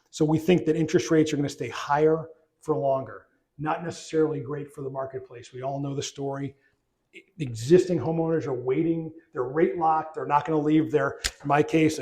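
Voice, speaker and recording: A middle-aged man, a trade association chief, speaking at a luncheon in a relaxed conversational way with frequent restarts and fillers. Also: a little high. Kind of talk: luncheon speech. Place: banquet room.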